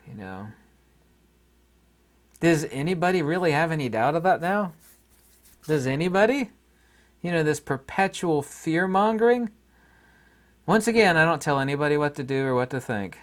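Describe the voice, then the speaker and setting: A man vlogs straight to camera in a loose, rambling way, his pitch rising and falling in lively swings. He sounds sarcastic and keeps breaking into laughter at his own jokes. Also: moderate pace. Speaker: YouTube vlogger. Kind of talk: casual talk to camera.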